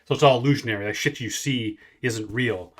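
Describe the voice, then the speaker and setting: A Canadian man in his forties hosts a music reaction, rambling casually with plenty of swearing and frequent restarts. His voice is medium-pitched and a bit bright, and he talks a little fast.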